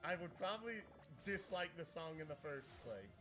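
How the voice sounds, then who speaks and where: A man's voice: on the high side, big pitch swings, normal speed, sharp tone, faint music behind. A man streaming a retro game, chatting in a laid-back way and explaining game mechanics. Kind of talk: casual chat while gaming.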